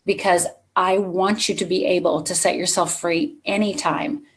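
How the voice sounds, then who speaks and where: A woman's voice: lowish voice, fairly even intonation, normal speed. A middle-aged woman giving a motivational keynote to a live conference audience, telling a personal story and speaking straight to the crowd.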